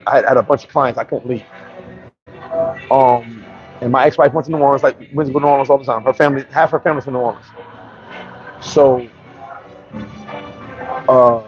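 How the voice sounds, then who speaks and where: A man's voice: medium pitch, fairly even intonation, moderate pace, long pauses, lo-fi sound, soft background music. A man from New York telling brash, profane stories in a casual storytelling monologue as a vlogger.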